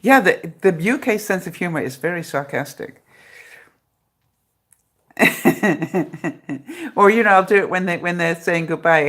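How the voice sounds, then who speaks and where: A woman's voice: lowish voice, expressive, measured pace, long pauses, a bit bright. A middle-aged woman chatting on a live stream from her phone, laughing often and joking with a sarcastic edge. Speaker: vlogger hosting a live broadcast. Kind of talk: casual live-stream chat.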